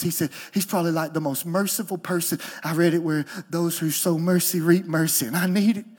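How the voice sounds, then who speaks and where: High-voiced, emotional male pastor preaching. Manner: emotional and animated, swinging from soft and low to high and loud. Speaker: lead pastor. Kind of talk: sermon.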